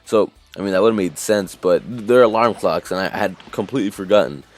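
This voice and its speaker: A man's voice: lowish voice, brisk, faint music behind. Casual rambling male anime reviewer. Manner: rambling, lots of fillers and restarts. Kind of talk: casual episode recap.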